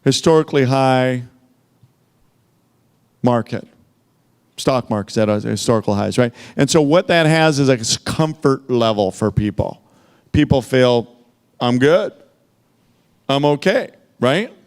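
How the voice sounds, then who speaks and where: A man's voice: medium pitch, measured pace, pauses often, clean tone. A man giving a motivational sales training, emphatic and full of rhetorical questions, speaking into a handheld microphone. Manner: emphatic, peppered with rhetorical "okay?" and "right?".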